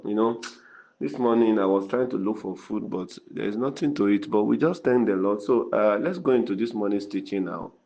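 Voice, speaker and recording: Emphatic male pastor. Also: mid-range voice. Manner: emphatic, repeats key phrases, drops to a hush. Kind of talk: sermon. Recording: dull lo-fi recording.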